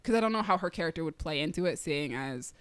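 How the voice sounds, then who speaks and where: A woman's voice: low voice, expressive, fast talker, smooth, no echo. A woman co-hosting a casual movie review podcast, chatty and enthusiastic, with frequent fillers and restarts. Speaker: podcast co-host.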